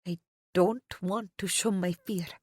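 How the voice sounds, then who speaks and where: A soft-spoken woman narrating a first-person romance audiobook, often dropping to a whisper. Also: fairly low pitch, fairly even intonation, unhurried, husky, dry recording, studio quality.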